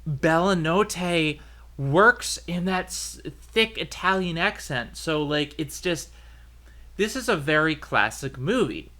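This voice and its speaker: Male podcast host, high and bright, loose rambling delivery. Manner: chatty, rambling with fillers and restarts. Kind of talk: casual chat.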